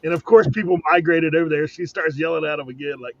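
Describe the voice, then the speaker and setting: A man's voice: on the high side, fast talker, a bit bright, no echo, lo-fi sound. A man in casual chat on a video call, telling a bargaining story with laughs. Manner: laughs through his stories. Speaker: reseller on a panel.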